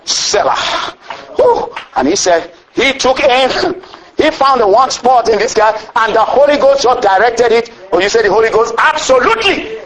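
High-voiced animated preacher man. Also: moderate pace, poor audio. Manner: animated, bursts of exclamation and chuckles. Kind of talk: storytelling sermon.

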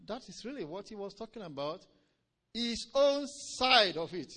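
A man preaching a sermon, swinging between loud emphatic lines and low quiet ones, drawing out key words and calling "Amen?" to the congregation. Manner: drawn-out stresses on key phrases.

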